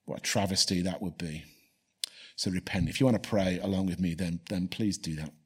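A man's voice: deep voice, a little fast, breathy edge. A man preaching a sermon and leading a prayer, earnestly repeating key phrases for emphasis. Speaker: pastor.

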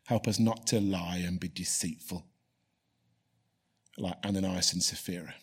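A man's voice: low voice, steady tone, measured pace, slightly rough. A man preaching a sermon and leading a prayer, earnestly repeating key phrases for emphasis. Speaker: pastor.

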